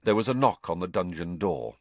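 A man narrating a story for an audiobook, with a fairly low voice and lively, rising-and-falling pitch. His delivery is measured and expressive. The recording is dry and close. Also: no echo.

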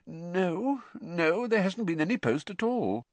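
Brief: fretful motherly woman, put on by a male reader, high and lively, dry and close. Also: takes it slowly, no echo, heavily acted. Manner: fretting, distracted.

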